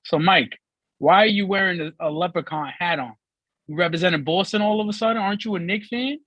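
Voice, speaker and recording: A man co-hosting a sports talk show, teasing his partner with animated trash talk. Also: high voice, brisk, no room sound, muffled recording. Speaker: co-host.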